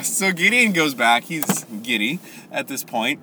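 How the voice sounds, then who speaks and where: Man, bright voice, casual Bible teacher, animated, self-correcting. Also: fairly high pitch, normal speed, slight background noise. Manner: animated, laughing, corrects himself.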